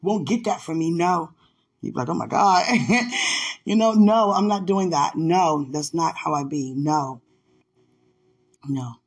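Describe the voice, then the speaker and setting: A woman chatting on a faith podcast call. She swings between hushed murmurs and loud, laughing outbursts, and keeps telling herself to calm down. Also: low voice, a little slow, long pauses. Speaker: podcast co-host. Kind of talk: casual faith chat on a call.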